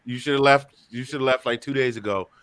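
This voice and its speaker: Bright-voiced joking male show host. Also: medium pitch, fast, clean tone, no echo. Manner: chatty, joking, repeats himself. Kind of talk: casual sports talk show.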